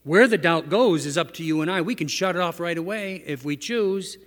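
A man's voice: a little high, a little fast, a bit bright. A man preaching a sermon in a conversational way, asking his listeners rhetorical questions. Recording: echoey hall reverb.

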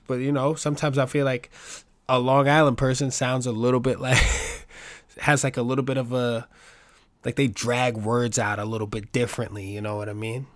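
A man from the Bronx with a New York accent, hosting a casual solo podcast in a rambling, profane, animated way. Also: mid-range voice, dry recording. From the Bronx, New York City. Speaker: podcast host.

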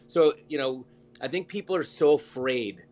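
A male news guest talks at an everyday middle pitch. He rambles happily from point to point and lights up with enthusiasm as he chats. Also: normal speed, a little mellow. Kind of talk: casual interview chat.

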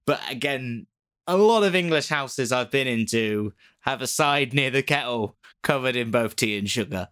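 A man hosting a relaxed chat, retelling a spooky tale in a loose, rambling way. He jokes as he goes and laughs at his own asides. His voice sits at an ordinary middle pitch. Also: moderate pace, smooth. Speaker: podcast host retelling a ghost story. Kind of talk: casual storytelling chat.

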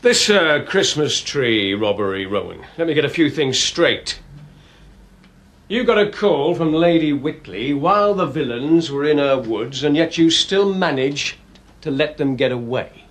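A man's voice: fairly high pitch, expressive, unhurried, a bit bright. An actor playing a stern, pompous police sergeant who lectures his constable with dry sarcasm. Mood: lecturing.

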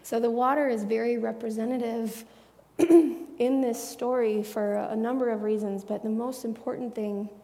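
Woman Bible teacher, slightly high, gravelly and warm; earnest, chatty delivery in a reverberant space. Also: fairly even intonation, moderate pace. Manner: earnest, chatty, drops into soft hushed asides. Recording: long echoey reverb.

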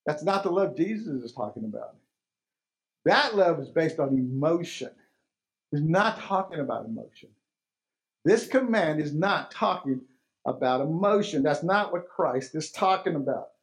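A pastor delivers his sermon in a notably high, bright-pitched man's voice. He drives his points home by repeating phrases and firing off rhetorical questions at the congregation. The delivery stays emphatic and earnest throughout. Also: expressive, moderate pace.

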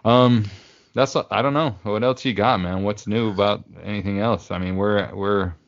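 Low-voiced man in casual podcast chat. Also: fairly even intonation, moderate pace, no echo. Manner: rambling, joking, lots of fillers. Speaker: podcast co-host. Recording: dull lo-fi dry recording.

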